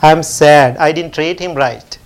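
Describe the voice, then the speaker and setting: A man voicing a grieving father who softly mourns his dead son in a sermon parable. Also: on the high side, a little slow. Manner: sad, soft, repetitive.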